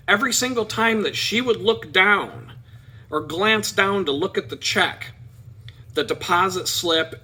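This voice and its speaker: A middle-aged man spinning a personal anecdote on his vlog, lively and playful in delivery. His voice is very bright and edgy, with a husky grain, sitting a little high for a man. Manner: animated, playful, mimics people in quotes. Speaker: vlogger. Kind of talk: personal storytelling.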